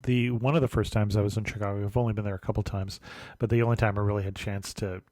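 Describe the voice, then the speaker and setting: A man hosting a travel podcast interview, relaxed and chatty, often chuckling and giving short affirmations. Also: on the low side, rapid-fire, dry recording, studio quality. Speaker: podcast host. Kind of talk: conversational interview.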